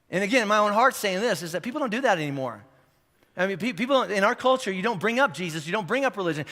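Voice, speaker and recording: A middle-aged man preaching a high-energy sermon, his voice high and bright as he races through stammered restarts and bursts into shouting. The sound carries a long church-hall reverb. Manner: animated, repetitive restarts, rising to shouts. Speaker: pastor. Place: church auditorium.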